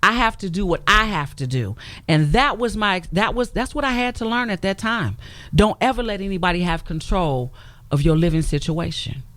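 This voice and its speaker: A woman's voice: medium pitch, animated, moderate pace, fairly bright tone, dry recording. Emphatic woman sharing her testimony, dry sound. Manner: emphatic, storytelling with voiced quotes. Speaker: guest. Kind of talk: personal testimony in a radio interview. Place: radio studio.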